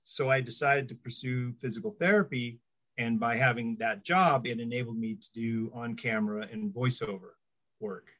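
A middle-aged man with a mid-range voice talks at a moderate pace as a guest in a casual interview. He acts out the voices of people he quotes while telling lively stories.

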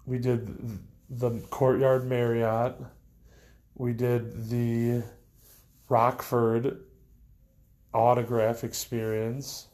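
A young man talks straight to his viewers, rambling through a countdown of his own stories. He fills every pause with like and you know and restarts his sentences often, and his voice sits at an everyday middle pitch. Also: level tone, a little mellow. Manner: rambling, many fillers and restarts. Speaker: vlogger. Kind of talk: casual storytelling to camera.

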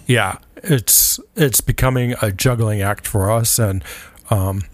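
A man co-hosting a food podcast in a small studio, chatting in a relaxed, rambling way with many fillers. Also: on the low side, slow, dry recording. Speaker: podcast co-host. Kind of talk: casual chat.

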